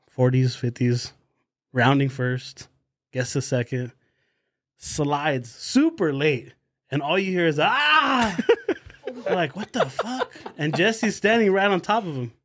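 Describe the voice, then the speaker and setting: A man in casual podcast chat, telling an animated, profanity-heavy story with acted-out quotes. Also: a little high. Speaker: podcast guest.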